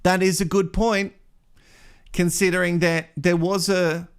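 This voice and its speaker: A man's voice: high-pitched, level tone, a little slow, clean tone. A man with an Australian accent hosts a live reality TV gossip show, chatting and laughing as he reads viewer comments. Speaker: host.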